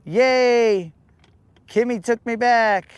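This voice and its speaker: A man's voice: very high voice, extremely slow, clear, resonant tone, dry recording, dull audio, pitched above the performer's own voice, heavily acted. A man putting on the voice of a whiny friend who cries and pleads over his own mistakes. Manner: whimpering, pleading. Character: whiny crying man, self-pitying friend.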